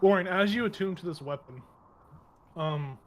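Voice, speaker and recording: A man's voice: high-pitched, moderate pace. A man running a tabletop game, narrating loosely with lots of fillers and laughs. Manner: rambling, laughing, many fillers. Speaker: game master.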